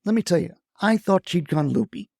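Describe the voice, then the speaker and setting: A man's voice: high-pitched, expressive, fairly quick, creaky, a little mellow, no echo, clean studio sound. A man narrating a comic story with wry, folksy asides.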